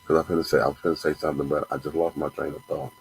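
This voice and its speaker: A man's voice: very deep voice, little pitch movement, rapid-fire, vocal fry, a little hiss or hum, low-quality recording. A man hosting a show, ranting angrily with profanity and repeating himself. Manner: angry, profane, repetitive rant. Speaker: host. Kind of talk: ranting commentary.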